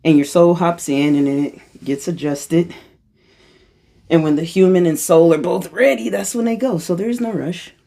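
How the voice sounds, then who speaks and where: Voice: moderate pace, creaky, dark tone. Playful rambling spiritual channeler. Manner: playful and self-mocking, jumps into high-pitched voices for quotes; rambling, restarts and corrects itself. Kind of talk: freestyle channeling monologue.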